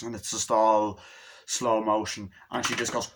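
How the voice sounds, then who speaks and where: A man's voice: on the low side, breathy edge. Young man, casual phone-recorded movie rant; eager, profane, acts out lines mid-sentence. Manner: excited, swears a lot, acts out scenes with quick voices. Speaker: movie reviewer. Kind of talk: casual rambling movie review.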